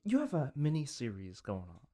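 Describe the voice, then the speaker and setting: A man co-hosting a casual comedy podcast, playful and teasing, quick to laugh. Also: medium pitch, wildly swooping pitch, warm tone. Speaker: podcast co-host.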